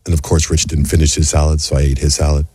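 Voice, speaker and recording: A man hosting a radio morning show in a studio, telling a story in a lively, animated way and acting out other people's voices. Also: fast, slightly rough, no room sound. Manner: animated storyteller, acts out voices in high pitch. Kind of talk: casual radio chat, storytelling. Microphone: studio microphone.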